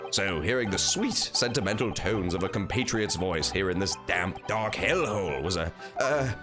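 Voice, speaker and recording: A man voicing a paranoid, grandiose Japanese prisoner who speaks in flowery, overwrought phrases. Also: lowish voice.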